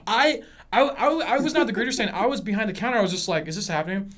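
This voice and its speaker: Profane, animated young man storyteller. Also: sits high, quick pace. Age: 20s. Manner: profane, animated, acts out customers in retelling. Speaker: podcast host. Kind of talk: casual chat, storytelling.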